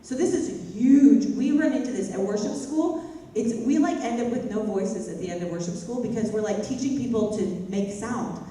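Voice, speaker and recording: A woman's voice: a little high, normal speed, mellow. A woman vocal coach teaching a worship singing class in a chatty way, breaking into sung phrases to demonstrate. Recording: echoey hall, mic from far off, faint noise.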